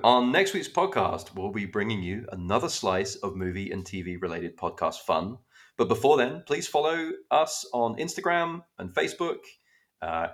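A man's voice: fairly low pitch, a bit bright. A man co-hosting a casual podcast, chatty and given to casual swearing as he retells scenes. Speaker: podcast co-host. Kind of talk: casual chat.

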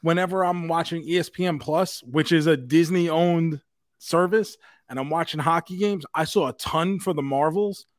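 A male podcast co-host with a voice a little higher than average, recorded dry and close. He talks in relaxed, chatty banter, now and then dropping a swear word. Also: normal speed, no room sound. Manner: chatty, relaxed, occasionally profane. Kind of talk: casual chat.

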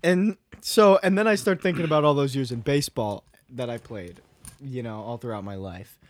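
A young man co-hosting a casual podcast, telling a story in an animated way and swearing a lot. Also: mid-range voice, normal speed, dry recording. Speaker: podcast co-host. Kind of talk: casual chat.

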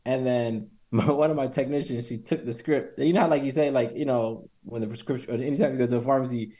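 A man's voice: medium pitch, quick pace. Man telling a story, laughing. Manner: animated, laughs through stories. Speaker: podcast co-host. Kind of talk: casual storytelling.

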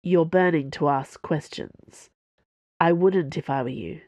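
A woman voicing a wry, knowing woman crewmate who speaks in a relaxed, sighing way. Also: sits low, measured pace, dry recording. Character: warm, wry woman crewmate, protective friend.

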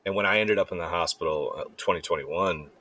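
Low, deep-voiced man telling blunt stories. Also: a little fast, pushed and bright, no room sound. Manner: candid, swearing storyteller who acts out quoted voices. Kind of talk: casual chat.

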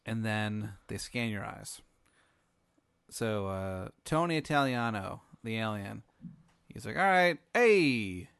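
A man hosting a podcast, improvising an absurd story in a rambling, deadpan way. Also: on the low side, slow, creaky, pauses often, clear, resonant tone, no room sound. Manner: rambling, deadpan, many fillers and restarts. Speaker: podcast host.

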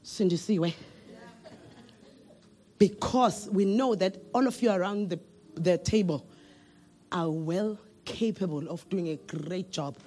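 A woman with a South African accent putting on a calm office manager who is gently handing out work. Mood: gently soothing. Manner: low, gentle, measured.

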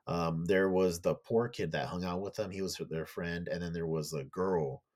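A man's voice: low-pitched, moderate pace, a little mellow. A man on a podcast casually retelling a show's plot, swearing freely and raising his voice to act out characters' lines. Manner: loose, profane storytelling; acts out characters' lines in a raised voice. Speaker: podcast co-host.

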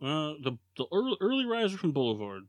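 A man's voice: on the high side, wildly swooping pitch, fast, no echo. A man hosting a casual sports podcast, leading segments in a jokey way with plenty of fillers. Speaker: podcast host.

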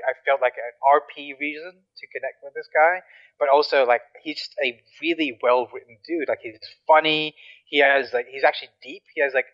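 A man's voice: mid-range voice, lo-fi sound. A man chatting casually about games, rambling with lots of fillers and restarts. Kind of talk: casual chat.

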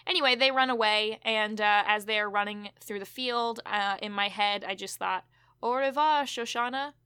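A woman's voice: medium pitch, fairly even intonation, moderate pace, pushed and bright, smooth, no room sound, studio quality. A woman co-hosting a podcast, recapping a TV episode in casual chat with chatty asides and fillers. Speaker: podcast co-host.

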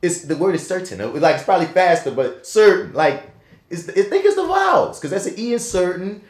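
A man's voice: sits high, fairly quick. New Orleans man telling a story in an echoey room. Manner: animated storyteller, swearing, slangy. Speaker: podcast co-host. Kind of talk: casual chat.

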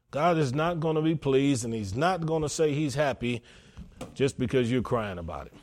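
A man preaching a sermon as pastor, stressing his points by repeating them. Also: mid-range voice.

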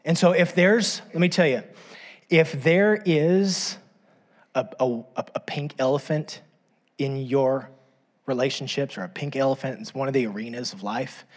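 A man's voice: medium pitch, moderate pace. A middle-aged man preaching a sermon in a conversational way, with frequent asides to the congregation and self-deprecating humor. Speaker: pastor.

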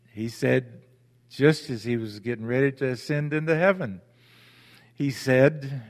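A man, a pastor, preaching a sermon with deliberate emphasis and rhetorical questions to his congregation. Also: mid-range voice. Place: church sanctuary. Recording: church hall with long reverb.

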